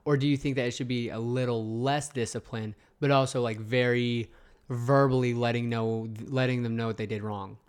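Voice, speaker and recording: A man's voice: medium pitch, steady tone, normal speed, clear, resonant tone. A man co-hosting a casual podcast chat, talking bluntly with lots of swearing and mock threats. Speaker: podcast co-host.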